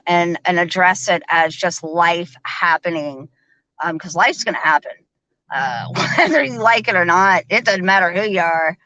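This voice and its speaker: Woman, casual live-stream chat, laughs a lot, tense bright tone. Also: lowish voice, muffled recording. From American South. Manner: chatty, laughs often, lots of fillers.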